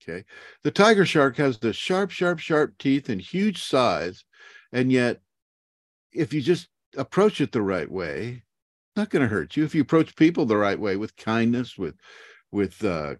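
A man's voice: mid-range voice, unhurried, dry recording, studio quality. A man, a spiritual teacher, talking casually on a video call, rambling with frequent chuckles. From United States. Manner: rambling, chuckling often, animated asides.

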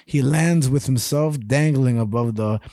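A man's voice: medium pitch, a little slow, dark tone, dry recording, clean studio sound. Giggly laid-back young man. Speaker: podcast co-host. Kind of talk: casual podcast chat, reading a comic story.

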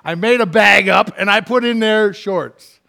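A middle-aged male pastor with a high, light voice delivers a sermon. He is animated, dropping low and quiet one moment and rising loud the next as he acts out complaints. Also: measured pace, gravelly. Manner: animated, acts out quoted complaints with big swings in loudness.

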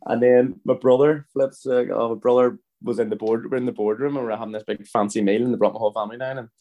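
Heard through narrow, tinny audio, the Northern Irish footballer speaks quickly in a mid-range voice with a steady tone. The thirty-something guest wanders through anecdotes, frequently restarting and checking in with "you know what I mean".

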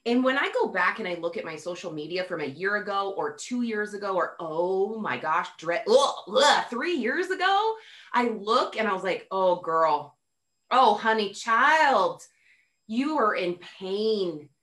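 A woman hosting a podcast, effusive and animated, acting out quotes as she talks. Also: mid-range voice, moderate pace. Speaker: podcast host. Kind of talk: casual conversation.

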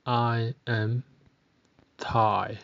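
A man from Britain teaching a beginner language lesson, saying each word slowly and pausing long for the listener to repeat. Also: mid-range voice, level tone, gravelly, fairly bright tone, muffled recording. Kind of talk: slow, deliberate language lesson.

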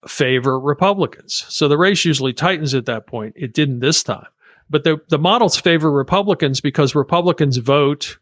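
A man co-hosting a political talk show who explains things in a measured, reasoning way, with the odd filler. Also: mid-range voice, fairly bright tone, no room sound, clean studio sound. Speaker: podcast co-host. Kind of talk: casual political analysis.

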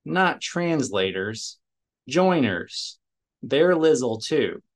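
A man's voice: medium pitch, sing-song, very slow, exaggerated voice. A man reading aloud, voicing a stubborn, methodical male alien engineer who speaks precisely and matter-of-factly.

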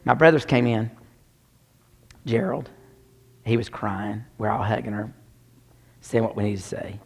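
A man's voice: on the low side, measured pace, creaky, slightly rough. A man preaching a sermon, telling a personal story with dramatic shifts down to near whispers. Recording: long hall reverb.

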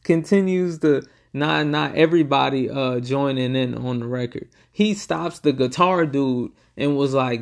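A young man giving casual reaction commentary, excitable and profane, retelling scenes in quoted bursts. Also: mid-range voice, unhurried, creaky, few pauses. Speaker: reaction video host.

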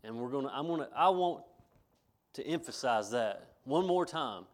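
A middle-aged man preaches to his church in a folksy, homespun way. He circles back over his phrases and chuckles between points. His voice sits at a medium pitch. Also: expressive, moderate pace. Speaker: pastor. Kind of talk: sermon.

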